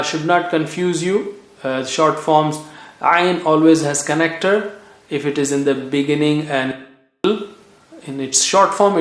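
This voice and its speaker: A man from Asia, teaching Quran reading in a patient way and repeating each sound slowly for practice. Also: fairly high pitch. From South Asia. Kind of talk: recorded language lesson. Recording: echoey room.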